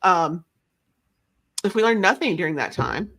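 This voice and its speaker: A woman's voice: fairly low pitch, expressive, measured pace, a bit bright. A woman guest talking casually in an interview, rambling and self-deprecating, often restarting her sentences. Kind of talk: casual conversation.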